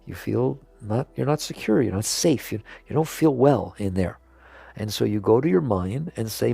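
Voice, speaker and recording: A man with a deeply gravelly, husky voice gives a spiritual talk to a live audience. He speaks earnestly, often chuckles and throws in a quick "right?" The sound is close and dry. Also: big pitch swings, warm tone, no echo, faint music behind. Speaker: spiritual teacher.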